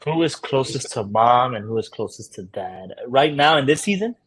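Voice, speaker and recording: A man's voice: medium pitch, animated, normal speed, fairly bright tone, breathy edge. A man speaking as a guest, a father talking candidly and laughing through his stories in casual conversation.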